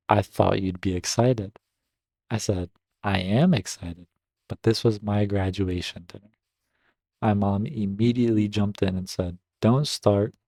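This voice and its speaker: Guy reading story posts out loud and reacting, lowish mellow voice, dry close sound. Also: no echo. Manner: reads a post aloud, then breaks off to react with upbeat asides. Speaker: Reddit story reader and gaming commentator. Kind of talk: reading stories aloud with casual commentary.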